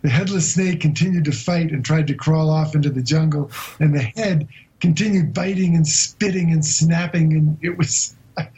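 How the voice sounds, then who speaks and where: A man being interviewed as a guest explorer, telling a long story in a vivid but halting way with many hesitations. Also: on the high side, mellow, poor audio. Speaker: guest explorer recounting an expedition.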